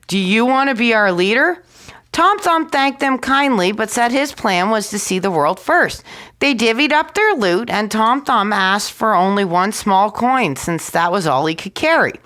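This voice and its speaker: A woman storyteller reading a fairy tale aloud in an expressive, animated way. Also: medium pitch, a little slow.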